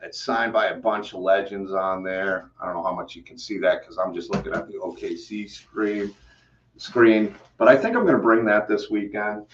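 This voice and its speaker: A man's voice: fairly low pitch, moderate pace, a little hiss or hum. A man hosting a live stream, chatting casually and rambling with lots of fillers and restarts, a bit out of breath. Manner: rambling, repeats himself, many fillers. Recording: slightly dull, lo-fi stream audio.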